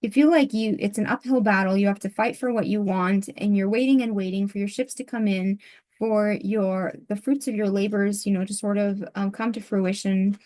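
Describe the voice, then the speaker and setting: Softly halting woman channeling a reading. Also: mid-range voice, steady tone. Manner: soft, halting, with many pauses and fillers. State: losing her voice. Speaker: tarot reader.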